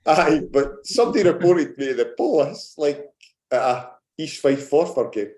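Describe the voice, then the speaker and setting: A man's voice: fairly high pitch, expressive, normal speed, darkish tone. Rambling Scottish man, roomy sound. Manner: rambling anecdotal storytelling, frequent fillers. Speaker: guest, former footballer. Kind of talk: casual podcast chat. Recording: roomy echo.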